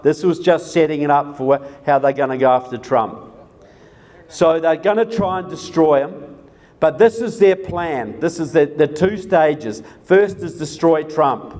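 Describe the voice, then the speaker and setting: A man's voice: a little high, expressive, a little slow, darkish tone. A man giving a live presentation to an audience, speaking emphatically, repeating key words for effect and putting questions to the crowd. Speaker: political speaker.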